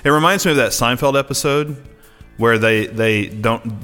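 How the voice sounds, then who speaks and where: A man's voice: mid-range voice, normal speed, fairly bright tone, long reverb tail, soft background music. A man hosting a church podcast about preaching, chatting casually and laughing easily, with plenty of filler words. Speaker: podcast host, pastor.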